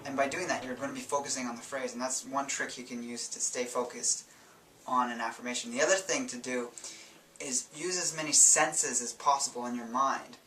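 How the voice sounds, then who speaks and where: A man hosting a self-help channel, explaining in a relaxed, rambling way with fillers and self-corrections. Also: medium pitch, fairly quick. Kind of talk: casual instructional talk. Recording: roomy sound from a distance, faint music.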